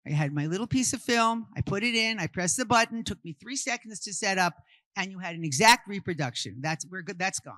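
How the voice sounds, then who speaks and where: A woman's voice: mid-range voice, expressive, fairly quick, fairly bright tone, no echo. A woman from Brooklyn, giving an interactive art history talk and firing questions at her audience before answering them. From Brooklyn, New York. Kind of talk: interactive talk to a live group.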